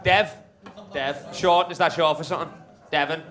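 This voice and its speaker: A man's voice: on the high side, fairly even intonation, moderate pace, a bit bright. A man doing stand-up comedy at a club, bantering brashly with the crowd and swearing freely. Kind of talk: live stand-up crowd work. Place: comedy club stage with a live audience. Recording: live club recording with crowd.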